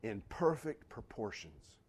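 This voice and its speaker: A man delivers a folksy sermon. His pitch swings widely, and he breaks into sudden loud bursts between homey asides. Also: very animated, a little slow, slightly rough. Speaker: pastor.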